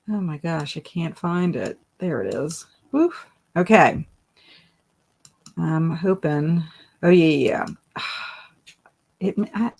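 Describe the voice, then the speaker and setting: A woman hosting a casual live stream, chatting, laughing often and reading viewers' comments aloud. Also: lowish voice. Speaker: livestream host.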